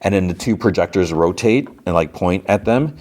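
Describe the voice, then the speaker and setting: This man hosts a podcast and rambles through an episode recap, stumbling over fillers and restarting sentences. His voice sits low with a darkish tone, lively intonation and a moderate pace.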